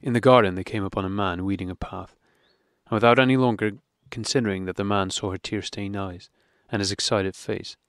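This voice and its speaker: Audiobook narrator, male, lower voice, steady measured reading, dry close sound. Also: no room sound. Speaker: audiobook reader. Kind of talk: reading a classic novel aloud.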